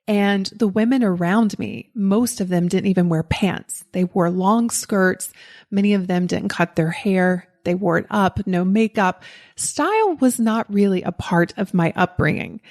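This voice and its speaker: Candid Southern woman telling her story. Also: mid-range voice. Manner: candid and self-deprecating, laughs at herself. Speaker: podcast host. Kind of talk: personal storytelling monologue.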